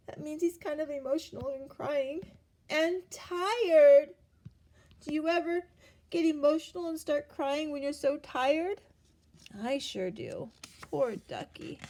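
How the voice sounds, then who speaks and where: High-voiced woman reading a storybook aloud. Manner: gentle, asks the listener questions, gasps for effect. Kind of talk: picture-book read-aloud.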